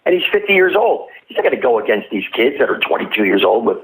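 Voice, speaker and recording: A man guest on an interview podcast, telling animated stories about his acting career and laughing often. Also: mid-range voice, fast, husky, low-quality recording. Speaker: actor guest. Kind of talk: casual interview storytelling.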